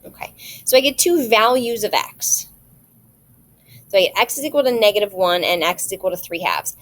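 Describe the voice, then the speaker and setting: A woman's voice: medium pitch, brisk. A woman math teacher recording a video lesson, explaining each step patiently and checking in with rhetorical questions.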